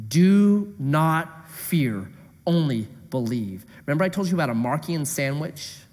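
A man preaching a sermon, reading scripture and explaining it, lively and then dropping to a hushed voice for emphasis. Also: on the high side. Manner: animated, drops to a hushed voice for emphasis. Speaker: pastor. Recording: echoey hall.

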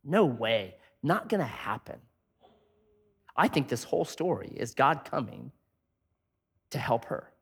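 A male pastor preaching a sermon in an animated, joking, conversational way. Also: on the high side.

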